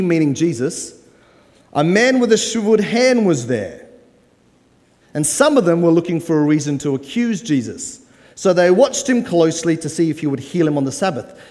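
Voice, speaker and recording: His voice fairly high and a little mellow, a guest pastor in his forties delivers a live sermon, teasing and jokingly urging on the crowd. The church auditorium adds long hall reverb.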